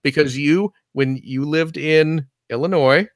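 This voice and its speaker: A man co-hosting a podcast, talking in an earnest, halting way with jokey asides. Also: on the high side. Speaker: podcast co-host. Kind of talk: casual podcast chat.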